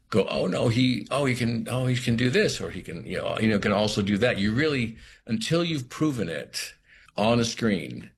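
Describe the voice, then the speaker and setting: Deep-voiced man, halting and thoughtful. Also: slight background noise. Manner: thoughtful, halting, many restarts. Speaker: actor, interview guest. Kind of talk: reflective interview talk.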